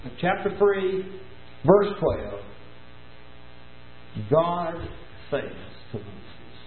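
A man's voice: fairly high pitch, very animated, very slow, pauses often, slight background noise. A man preaching a sermon, telling the story with emphatic rises and falls. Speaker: pastor. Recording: tinny phone-like sound, echoey room.

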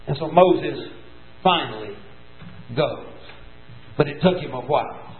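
A man's voice: fairly high pitch, lively intonation, unhurried, pauses often. A man preaching a sermon, telling the story with emphatic rises and falls. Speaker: pastor. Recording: tinny phone-like sound, echoey room.

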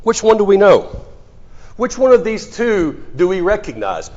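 A man's voice: high voice, very animated, unhurried, a little mellow. A man preaching a sermon in a conversational storytelling way, often restarting his sentences. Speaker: pastor. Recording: muffled sound in a reverberant hall.

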